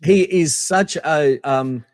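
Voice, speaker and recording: A middle-aged man from Australia, a podcast guest telling animated anecdotes with lots of fillers and restarts. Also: a little high, slow, dry recording, clean studio sound, big-room sound. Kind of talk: casual storytelling interview.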